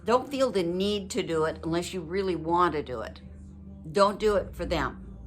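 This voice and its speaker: An older woman talking to her viewers in a personal, heartfelt vlog, reflective, gentle and earnest, with emotion close to the surface. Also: lowish voice, animated, normal speed, soft background music. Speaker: widow sharing advice with her viewers.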